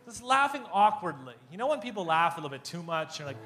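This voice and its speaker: A man preaching a sermon, telling a story with animated, self-mocking humor and acting out the voices in it. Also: high voice, very fast, few pauses, a little hiss or hum. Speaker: pastor.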